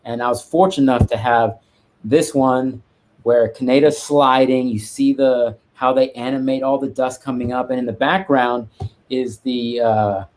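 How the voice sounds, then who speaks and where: A man's voice: mid-range voice, steady tone, normal speed, a little mellow. Rambling man chatting about his collection. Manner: rambling, many restarts and asides. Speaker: guest art collector. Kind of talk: casual live-stream chat.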